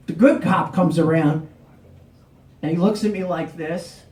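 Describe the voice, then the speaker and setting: A man's voice: high voice, measured pace. Middle aged new guy telling a story on stage, acts out the cops, roomy sound, mic a bit far off. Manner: animated, acts out the cops' lines. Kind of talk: live personal storytelling. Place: live storytelling event.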